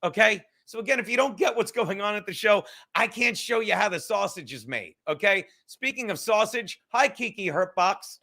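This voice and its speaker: A man's voice: high voice, expressive, normal speed, vocal fry, few pauses, bright, forceful tone. A man hosting a podcast, ranting casually with heavy swearing and sarcastic asides. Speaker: podcast host. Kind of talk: casual rant.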